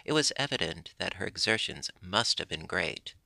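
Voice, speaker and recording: A man reading a classic children's story aloud as narration, steady and expressive. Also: sits low, moderate pace, creaky, hardly any pauses, no room sound. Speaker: audiobook reader.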